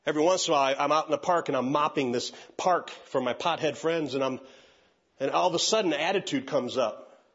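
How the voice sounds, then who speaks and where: Husky and on the high side, this voice moves fairly quickly, with the highs cut off. It belongs to an older pastor preaching a sermon, animatedly telling a personal story and acting out others' voices.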